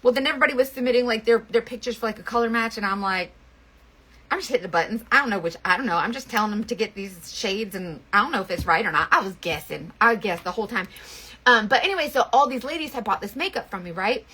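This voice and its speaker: A woman's voice: on the high side, fast, pushed and bright, slightly rough. A woman telling a rambling story in casual chat, full of fillers and restarts. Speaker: makeup seller and vlogger.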